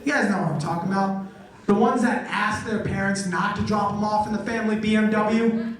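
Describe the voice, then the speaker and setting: A man performing a stand-up comedy set, telling stories loudly and acting out the voices of people in them. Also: high-pitched, a little fast. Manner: loud, animated storytelling with acted-out quotes. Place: college theater stage with audience. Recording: echoey live venue, mic from a distance.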